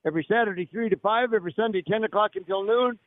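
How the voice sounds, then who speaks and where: A man's voice: sits high, racing. A man hosting a live radio show on location, talking up a restaurant with jokey, salesman-like patter. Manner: upbeat salesman-like delivery, jokey. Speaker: radio talk show host. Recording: narrow phone-like radio audio, dry.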